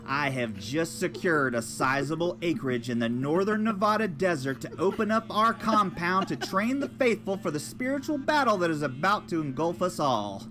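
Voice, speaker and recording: A man voicing a fervent male preacher in a mock commercial, with a booming, sermon-like delivery. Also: lively intonation, normal speed, few pauses, pushed and bright. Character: fiery male preacher selling a desert compound. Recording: music bed behind the voice.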